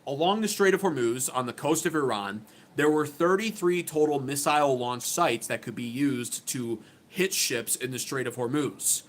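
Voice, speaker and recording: A man's voice: mid-range voice, a bit bright. A man doing a livestream political commentary, ranting bluntly and angrily with plenty of profanity.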